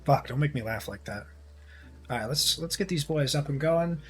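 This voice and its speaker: A man's voice: fairly high pitch, expressive, normal speed, soft background music. A young man streaming live, chatting casually in a rambling, crude way with heavy swearing.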